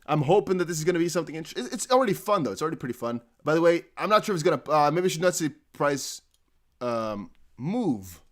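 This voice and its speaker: A man's voice: a little high, very animated, quick pace. A man hosting a casual live stream, chatty and jokey, thinking aloud with many fillers. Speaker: crypto livestream host.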